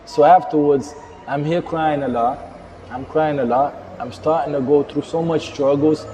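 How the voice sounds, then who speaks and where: A middle-aged man from Verde, a Creole speaker, giving an earnest personal testimony as an interview guest in halting, repetitive phrasing. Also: a little high, fairly even intonation, warm tone, highs cut off, a little hiss or hum. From Cape Verde. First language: Cape Verdean Creole. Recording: long reverb.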